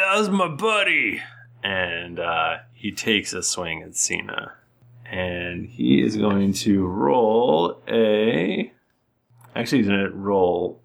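Man, game master, playful teasing narration, very low gravelly voice, bright edge.

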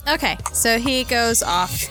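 A woman's voice: fairly high pitch, animated, unhurried, pushed and bright, soft background music. A young adult woman narrating a tabletop role-playing game as game master, casual and rambling.

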